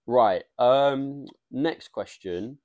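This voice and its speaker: A young man, co-hosting a casual podcast, blunt and quick to laugh. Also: medium pitch, darkish tone. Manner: blunt, laughs often, reads out listener questions. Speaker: podcast co-host. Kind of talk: casual chat.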